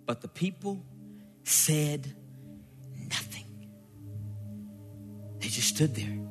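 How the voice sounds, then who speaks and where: Guy preaching a sermon, big swings up and down, long echo, soft music under it. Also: a little high, slightly rough. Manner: dramatic, acts out scripture with rising shouts and playful asides.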